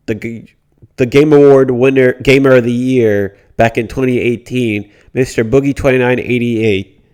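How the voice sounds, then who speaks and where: An indignant man ranting through a casual commentary, blunt and loose, swearing often and stumbling into restarts. His voice sits at an ordinary middle pitch, and he keeps circling back to repeat his point. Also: darkish tone. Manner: mocking quoted whiny voices. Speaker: commentary YouTuber.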